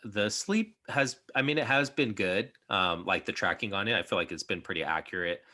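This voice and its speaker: A young man talks casually as a podcast host, rambling through his thoughts with plenty of fillers. His voice sits low but has a bright, forward edge. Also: expressive, moderate pace. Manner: rambling, many fillers and restarts. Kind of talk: casual chat.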